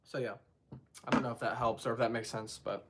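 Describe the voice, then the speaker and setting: A man's voice: mid-range voice, level tone, fairly quick, over loud music. A young man answering trumpet questions on a live stream, in a rambling, self-deprecating way, singing syllables to show his points.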